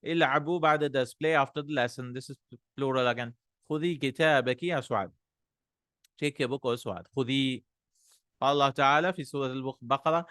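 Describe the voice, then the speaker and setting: A man teaching an Arabic grammar lesson, reading example sentences aloud, translating them and explaining the rules in a relaxed way with fillers. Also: medium pitch, dry recording, clean studio sound.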